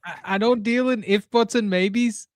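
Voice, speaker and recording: A man's voice: sits high, normal speed, dry recording, studio quality. A man co-hosting a casual football livestream, teasing the others and laughing often. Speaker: co-host.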